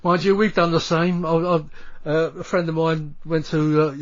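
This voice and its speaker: Halting radio host, slightly high. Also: male voice, fairly even intonation. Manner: halting, restarting questions. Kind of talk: radio interview. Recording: dull lo-fi radio audio.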